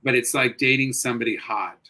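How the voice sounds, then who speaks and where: A middle-aged man talking as an interview guest in a bright, forward voice. He is expressive and animated, jumping from loud bursts to hushed asides. His tone is casual and open. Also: medium pitch, brisk, low-quality recording. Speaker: guest, actor and comedian.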